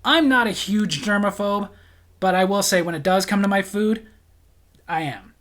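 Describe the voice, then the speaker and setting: A man telling a storytime vlog in an animated way, going from calm to shouting. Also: high-pitched, moderate pace. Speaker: vlogger.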